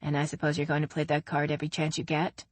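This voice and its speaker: A sharp-tongued mother in an audiobook, snapping back fast at her husband. The voice sits lower and quicker, dry and close, as a woman narrator reads it. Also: completely flat delivery, no room sound.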